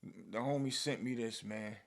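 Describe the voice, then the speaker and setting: A man with a New York accent hosting a podcast, giving casual, animated commentary and often tacking "man" or "bro" onto his lines. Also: lowish voice, a little slow, creaky. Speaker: podcast host.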